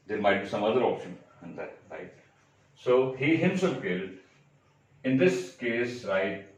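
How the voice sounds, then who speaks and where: A man teaching an English grammar lesson, explaining step by step, repeating examples and checking with "right?". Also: mid-range voice. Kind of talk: classroom lecture. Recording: echoey room, mic far off.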